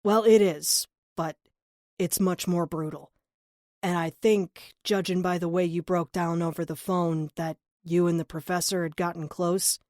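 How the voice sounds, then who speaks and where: A woman's voice: lowish voice, steady tone, a little slow, a little mellow, dry recording, studio quality, natural voice. A woman voicing a stern male police captain who gives firm orders in an audiobook. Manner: firm and commanding.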